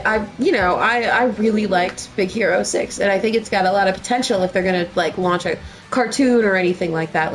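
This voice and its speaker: A young woman co-hosting a podcast, telling stories in an excitable, laughing way, with phlegm in her throat. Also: medium pitch. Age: young adult. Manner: excitable, laughing, quick storytelling. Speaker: podcast co-host. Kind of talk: casual chat.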